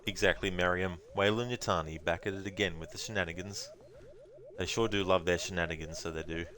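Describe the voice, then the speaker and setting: A man's voice: sits low, steady tone, brisk, a bit bright. A man streaming a game, joking around and chatting with his viewers. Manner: joking, chatty, reads chat aloud. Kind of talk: casual stream commentary.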